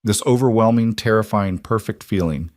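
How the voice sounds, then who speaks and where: A man with a low voice narrates a romance story in an even, measured way. The recording is dry and close, with no room sound. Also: no room sound.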